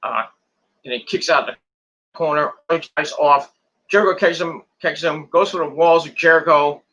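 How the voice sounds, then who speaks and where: A man's voice: a little high, moderate pace, bright, forceful tone, slight background noise. A man casually recapping a wrestling match move by move, rambling and repeating words as he goes. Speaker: wrestling show reviewer.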